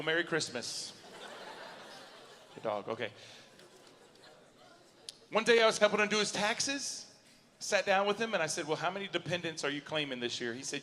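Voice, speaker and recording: Animated stand-up comic with drawl. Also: male voice, a little high, a little hiss or hum. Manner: animated storytelling, acting out both sides of conversations. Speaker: stand-up comedian. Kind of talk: stand-up comedy set. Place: university auditorium before a live audience. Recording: long hall reverb.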